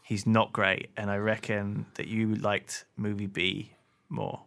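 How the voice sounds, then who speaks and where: A man's voice: on the low side, completely flat delivery, slow pace, creaky, a bit bright. A man co-hosting a casual podcast, easygoing, chatting and reading a spooky story aloud. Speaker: podcast co-host.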